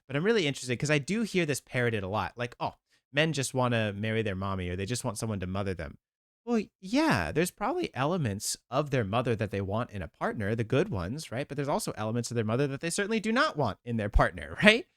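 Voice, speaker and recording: A man's voice: mid-range voice, very animated, quick pace, dry recording, studio quality. A man, a therapist, talking earnestly to camera and reacting to a podcast clip, livelier when retelling his own thoughts. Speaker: therapist hosting a video channel. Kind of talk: casual reaction commentary.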